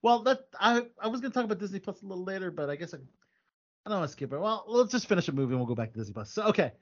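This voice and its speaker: A man's voice: sits high, expressive, rapid-fire, fairly bright tone. Rambling male podcast host, lo-fi. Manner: rambling, many ums and restarts. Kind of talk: casual movie news chat.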